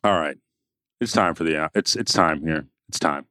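A man's voice: extremely low pitch, moderate pace, sharp tone, dry recording, studio quality. A man co-hosting a sports podcast, chatting casually and playfully and hyping up a segment. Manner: playful, joking, hypes up a segment. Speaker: podcast co-host. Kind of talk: casual chat.

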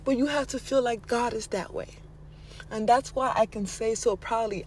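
A woman's voice: a little high, moderate pace, slightly rough. A woman giving casual motivational advice, playful and laughing often, slipping into mocking voices and casual swearing. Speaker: vlogger giving manifestation advice.

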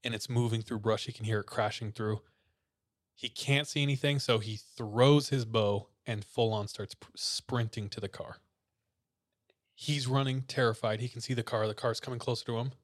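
Male host, relaxed storyteller, mid pitch, informal creepy-tale delivery. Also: brisk. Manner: relaxed storyteller, many "like" fillers. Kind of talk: casual storytelling of creepy tales.

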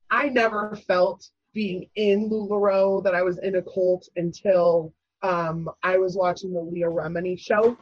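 A woman telling a personal story as a guest, animated and full of fillers, acting out other people's voices. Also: lowish voice, breathy edge, no room sound, muffled recording. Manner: animated, acts out quoted voices, many fillers.

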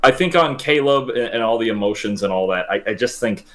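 A man co-hosting a sports podcast, giving measured analysis with frequent restarts. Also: mid-range voice, fairly bright tone.

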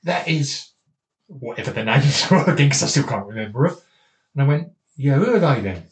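Speaking fairly quickly in an expressive, mid-range voice, this South East English boxing trainer spins casual anecdotes as a podcast guest. He restarts often and quotes what people said. The sound carries a roomy echo and a little noise.

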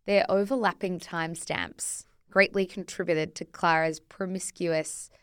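A woman co-hosting a podcast reads through a scripted history story in a smooth, clean, fairly low voice. She keeps it chatty and drops into casual asides. The sound is dry and close, with no room around it. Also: fairly even intonation, a little slow, fairly bright tone, no room sound. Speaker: podcast co-host.

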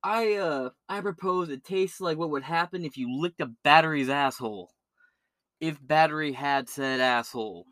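A man's voice: on the high side, moderate pace, a bit bright, no echo, studio quality. A man hosting a podcast, ranting in a crude, rambling way with constant swearing. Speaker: podcast host. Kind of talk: free-form profane rant.

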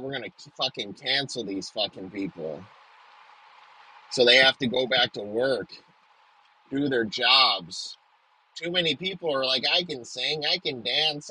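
A young man tears through a profane comedic rant, riffing crudely and restarting his sentences as he goes. His voice is sharply bright with a husky edge. The recording is close and dry, with no room sound. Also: on the high side, no echo, low-quality recording.

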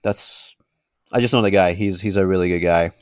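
A man's voice: sits low, fairly even intonation, moderate pace, smooth, no room sound, clean studio sound. A man co-hosting a podcast in casual chat, speaking hesitantly with many fillers. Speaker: podcast co-host.

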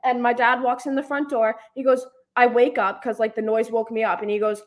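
A young woman co-hosting a casual podcast chat, telling animated stories and acting out what people said. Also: fairly high pitch, brisk. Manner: animated storyteller acting out quotes. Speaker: podcast co-host.

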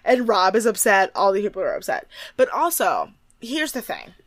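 Woman cohost, super lively pitch, laughs a lot, cusses, dry close sound. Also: moderate pace, dry recording. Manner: animated, laughs often, swears freely. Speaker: podcast co-host. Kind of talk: casual chat recapping a TV show.

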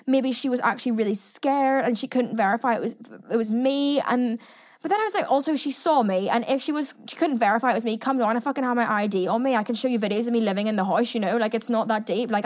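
A young woman in her twenties rattles through a personal story at speed, her voice sitting a touch high. She is chatty and animated, peppering her talk with swear words and acting out the people in it. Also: fast. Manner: chatty, animated, swears often, acts out quotes in a higher voice. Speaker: podcast host. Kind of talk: casual storytelling monologue.

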